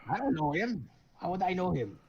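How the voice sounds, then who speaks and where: A man's voice: high voice, big pitch swings, a little fast, a little mellow, a little hiss or hum, pitched above the performer's own voice. A man doing a flustered old deckhand. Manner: confused, stammering. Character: flustered old male ship's hand.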